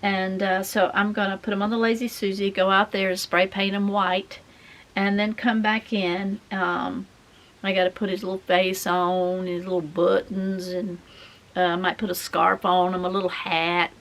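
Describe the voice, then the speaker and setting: Middle-aged woman, folksy craft vlogger, rambling chat, slight vocal fry. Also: medium pitch, level tone, normal speed, a bit bright. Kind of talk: casual chat while crafting.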